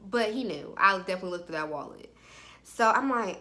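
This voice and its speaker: A woman's voice: mid-range voice, fairly quick. A young woman telling a personal story in a casual, chatty way, often saying "like". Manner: chatty, animated, peppered with "like". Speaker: vlogger.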